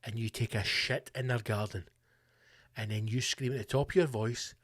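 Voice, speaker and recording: A man's voice: mid-range voice, fairly even intonation, moderate pace. A Scottish man hosting a podcast, delivering a profane, ranting comic monologue with mock-rallying slogans. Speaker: podcast host.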